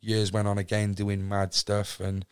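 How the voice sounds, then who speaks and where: A man's voice: fairly low pitch, monotone, unhurried, clean tone. A young man with a Cardiff accent, telling his story as a podcast guest in rambling talk full of fillers and restarts. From Wales. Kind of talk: candid storytelling.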